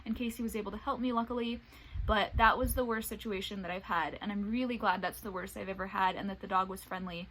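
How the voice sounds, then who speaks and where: A young woman vlogging about life with her service dog, retelling stories in a casual, animated way and acting out what people said. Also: mid-range voice, fast, a little hiss or hum, poor audio. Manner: animated retelling, acts out quoted voices. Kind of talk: casual storytelling vlog.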